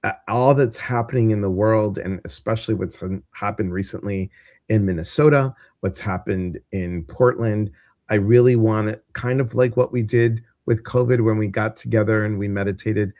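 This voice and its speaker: Here the host, a man with a Midwestern American accent, chats loosely on a casual live stream, rambling and leaning on plenty of fillers. His voice is lowish and a bit mellow, at normal speed, with no echo.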